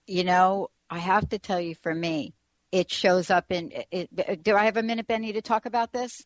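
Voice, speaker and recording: A woman's voice: mid-range voice, fairly even intonation, normal speed, no room sound. Rambling woman radio host, dry sound. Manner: rambling, restarts often. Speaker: radio talk show host. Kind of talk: casual talk radio chat.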